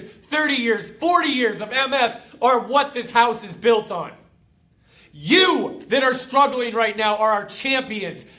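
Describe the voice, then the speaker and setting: Motivational host, young man, high bright voice, fervent and emotional, repeats his lines for emphasis. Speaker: motivational host of a fitness community. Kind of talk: motivational pep talk.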